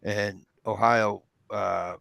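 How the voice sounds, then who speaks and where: A man's voice: lowish voice, fairly even intonation, drawn-out words, gravelly, a bit bright, no echo. Man, from the northern US, casual chat, emphatic, profane, dry recording. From northern United States. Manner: emphatic, profane, talks over others.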